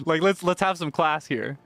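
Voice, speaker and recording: A man streams a video game and chats playfully, laughing often as he gives casual commentary. His voice is fairly high and creaky, with no echo.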